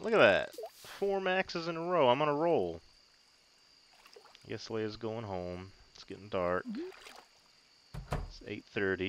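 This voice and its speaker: A man with a fairly low voice gives casual gameplay commentary, joking at his own expense and getting excited over small wins. A steady hiss sits under the home recording. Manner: joking, self-mocking, excitable. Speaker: gaming video host.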